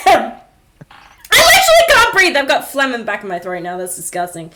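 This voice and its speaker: Giggly congested woman, high lively voice. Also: quick pace, slight background noise. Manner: giggly, sweary, excitable. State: blocked nose, congested. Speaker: podcast co-host. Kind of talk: casual chat about a show.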